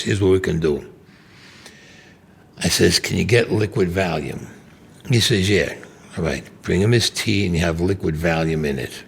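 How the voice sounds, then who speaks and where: A man's voice: low-pitched, gravelly, slightly rough. A man, telling a story bluntly and profanely in an interview. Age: 70s. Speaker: interview guest.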